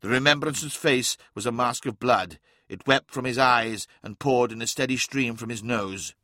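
A man narrating a fantasy audiobook in a measured, dramatic reading. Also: medium pitch, bright, forceful tone, no room sound, clean studio sound.

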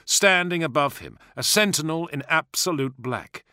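A man narrating an audiobook in a measured, dramatic way, with hushed asides. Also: on the high side, very animated, no echo, studio quality.

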